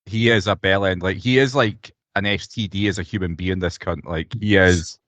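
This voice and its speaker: Over a video call, a young Scottish podcast co-host rants with animation, blunt and full of swearing. He speaks low and at a moderate pace with fairly even intonation, and his tone comes across fairly bright in a dry recording.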